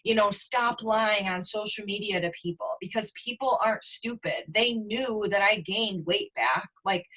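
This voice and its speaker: A woman's voice: mid-range voice, bright, forceful tone. A young adult woman, a business coach, candidly telling a personal story on a team video call, swearing freely and leaning on "like".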